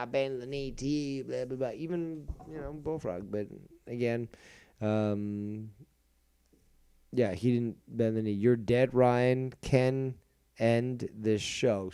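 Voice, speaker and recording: A man's voice: mid-range voice, a little slow, dark tone, smooth. A man hosting a commentary show, ranting in a crude, profane and mocking way, rambling with many fillers. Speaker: show host.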